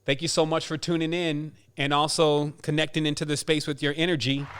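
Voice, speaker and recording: A man's voice: fairly high pitch, level tone, a little fast, crowd noise, background noise. A man hosting a podcast, casually announcing giveaway winners and counting prizes aloud in an upbeat way. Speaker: podcast host.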